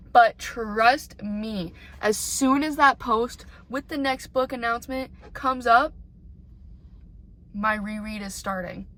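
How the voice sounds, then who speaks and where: A woman's voice: fairly high pitch, a bit bright. A young woman chatting casually about books for her reading vlog, rambling and emotional, recorded in her car. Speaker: book vlogger.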